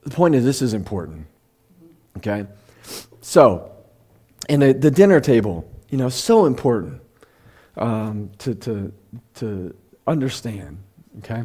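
A middle-aged man preaching a casual, heartfelt sermon to his congregation. His voice moves up and down a lot, and he slows down to read passages aloud. He talks like he is chatting, and now and then he gets emotional. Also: mid-range voice, very animated, a little mellow, slightly rough. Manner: conversational, often gets emotional. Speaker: pastor.

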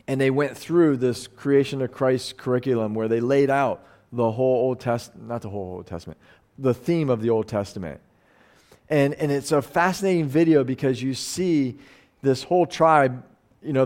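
A man's voice: mid-range voice, a little mellow. A man preaching a casual, conversational sermon, rambling with restarts and asides to his listeners. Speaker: pastor.

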